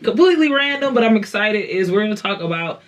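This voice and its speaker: A woman's voice: medium pitch, lively intonation, quick pace. A woman with a Houston accent hosting a casual podcast, laughing a lot, swearing and teasing. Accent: Houston Texas. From Houston, Texas. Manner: loud laughing, swearing, playful. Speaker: podcast host.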